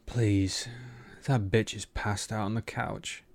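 A man's voice: fairly low pitch, little pitch movement, slow pace. A man voicing a cocky, roguish young man who talks back with crude, teasing defiance. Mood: scornful.

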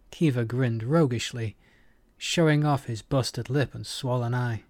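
A man narrating a romance story in a measured, intimate audiobook reading. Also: mid-range voice, darkish tone, no echo.

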